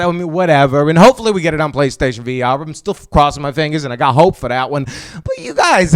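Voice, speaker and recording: Excitable, lively-voiced man vlogging. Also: high voice, smooth. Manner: excitable, rambling, swears casually. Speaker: gaming vlogger host. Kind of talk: casual chat to camera.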